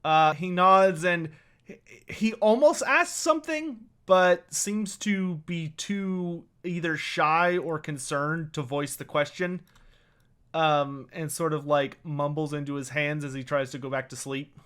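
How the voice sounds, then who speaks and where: A bright-voiced man narrating as game master. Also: a little high, unhurried, smooth. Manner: chatty, with frequent fillers.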